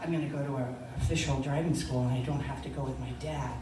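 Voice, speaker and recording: An older woman telling a personal story, animated and laughing, acting out the voices of others. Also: very deep voice, quick pace. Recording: echoey room, distant mic, noisy.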